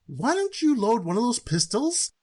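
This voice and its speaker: A man's voice: very high-pitched, huge pitch swings, normal speed, a little mellow, husky, heavily acted. A man voicing a lazy, smug male cousin who gloats in a teasing way. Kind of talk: cartoon voice acting.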